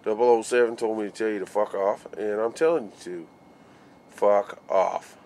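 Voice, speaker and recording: A man's voice: on the low side, steady tone, normal speed, a little mellow, a little hiss or hum. A man, a construction worker, telling a story to his video audience in a casual, laughing way, swearing freely and acting out the voices of the people he quotes.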